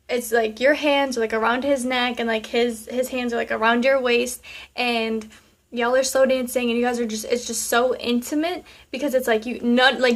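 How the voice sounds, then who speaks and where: A sassy young woman talks straight to her viewers and works through their questions one by one. Her voice sits a little high, and she speaks in loose, chatty bursts padded with "um" and "like". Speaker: vlogger answering viewer questions. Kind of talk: casual chat.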